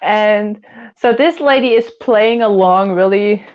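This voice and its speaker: A woman's voice: mid-range voice, slow, highs cut off. A woman hosting a casual livestream chat, rambling and giggling often as she talks. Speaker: host.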